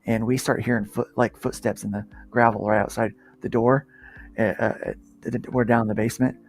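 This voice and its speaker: A man's voice: medium pitch, a little fast. Rambling man hosting a podcast panel. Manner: rambling, restarts often, animated when telling stories. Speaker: podcast host. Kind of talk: casual panel chat, storytelling.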